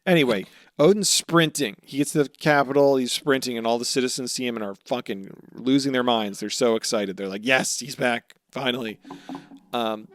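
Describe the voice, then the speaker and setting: A young man co-hosting a podcast, casually recapping anime episodes with lots of swearing and quick character voices. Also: medium pitch, no room sound, clean studio sound. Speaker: podcast co-host.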